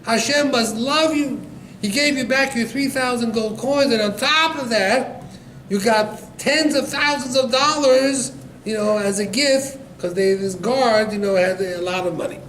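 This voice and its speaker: A man's voice: very high-pitched, measured pace, a bit bright, pitched above the performer's own voice. Man doing a shrieking, overjoyed wife. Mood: ecstatic. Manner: screaming at the top of her lungs. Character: ecstatic wife shouting with joy. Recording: echoey room, distant mic, background noise.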